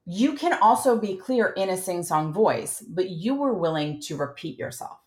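A woman coaching a parent in a calm, clear, instructive way as the host. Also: fairly low pitch, moderate pace, roomy sound. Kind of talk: coaching conversation.

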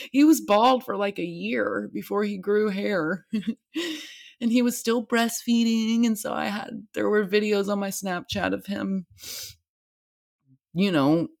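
A woman's voice: mid-range voice, fairly even intonation, takes it slowly, vocal fry. A young American woman talking on her vlog in a tired, rambling way, swearing freely. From United States. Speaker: vlogger. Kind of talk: candid confessional vlog.

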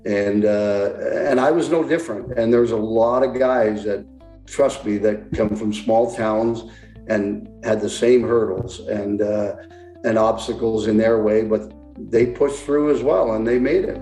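A man in his sixties speaks as an interview guest, plain-spoken and reflective with frequent restarts. His low voice sounds dark and mellow, and the recording rings with room echo. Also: steady tone, measured pace, faint music behind. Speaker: interview guest, former hockey player. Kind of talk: casual interview talk.

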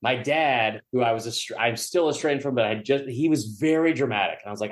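A man's voice: medium pitch, brisk, few pauses. A man, a podcast guest telling a long story in a rambling, self-mocking, profane way. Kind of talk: storytelling in casual chat.

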